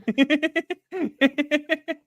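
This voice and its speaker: A man's voice: very high voice, fairly even intonation, drawn-out words, fairly bright tone, dry recording. A man co-hosting a live stream, giving blunt, opinionated remarks and laughing often. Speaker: co-host of a reaction stream. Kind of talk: casual chat.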